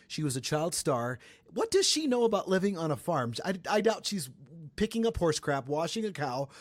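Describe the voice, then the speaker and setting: A young man from the Atlanta area hosting a casual celebrity gossip podcast, chatty and animated. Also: dry recording. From Atlanta area, Georgia. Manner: chatty and animated, breaks into high sung bits. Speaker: podcast host.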